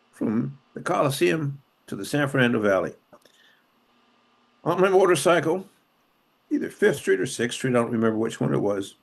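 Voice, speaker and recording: A man's voice: medium pitch, vocal fry. Impassioned older man recounting memories. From Los Angeles, USA. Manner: impassioned, emphatic repetition; emotional retelling, voice rising and dropping sharply. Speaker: interview guest, former police officer and city councilman. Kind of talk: conversational storytelling.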